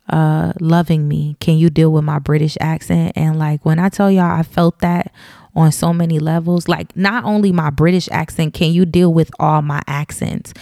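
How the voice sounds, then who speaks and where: A woman's voice: sits low, gravelly, dark tone, dry recording, studio quality. A woman with a light Southern US twang talking in a casual opinion monologue to her listeners. She is chatty and candid, with many ums and asides.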